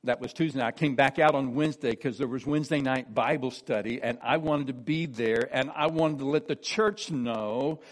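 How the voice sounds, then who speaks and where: A man in his sixties giving an earnest personal testimony as a preacher. He tells the story warmly and drops soft and low whenever he quotes someone. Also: moderate pace, few pauses.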